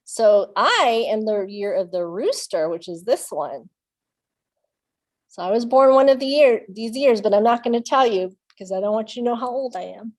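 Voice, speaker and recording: A woman's voice: a little high, animated, normal speed. A woman leading a children's storytime, reading aloud and playfully making animal sounds with the kids. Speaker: children's librarian.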